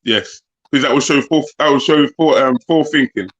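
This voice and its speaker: A man's voice: medium pitch, normal speed, a bit bright, lo-fi sound. A man on a podcast panel, speaking bluntly and posing pointed questions. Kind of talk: casual podcast chat.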